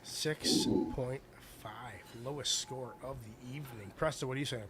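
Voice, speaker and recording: A male podcast host chatting casually and rating songs, rambling and animated. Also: medium pitch, normal speed. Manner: rambling, animated, self-deprecating.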